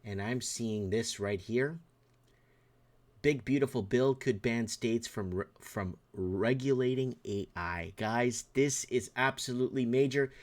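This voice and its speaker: A man's voice: mid-range voice, unhurried. Canadian man ranting over the news. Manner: reads news aloud, then rants. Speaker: show host. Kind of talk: solo livestream commentary on news. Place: indoor room.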